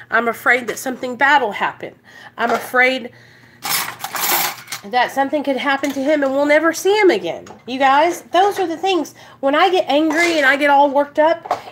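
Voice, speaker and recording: A woman's voice: fairly high pitch, bright, forceful tone, a little hiss or hum. A young woman, talking bluntly and emphatically in a casual motivational vlog, swearing and repeating herself for emphasis. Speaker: recovery vlogger.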